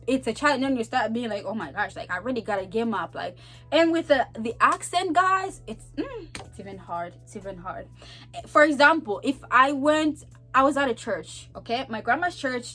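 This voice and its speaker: Young Zambian woman, vlogger, high voice with a wide, animated range, chatty and laughing. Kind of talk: casual storytelling to camera.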